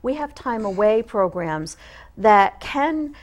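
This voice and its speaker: A woman's voice: medium pitch, lively intonation, takes it slowly. A woman guest on an interview show, speaking for a support organization in an earnest, emphatic way. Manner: earnest and emphatic, stresses key points. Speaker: guest, association representative. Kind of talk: casual interview.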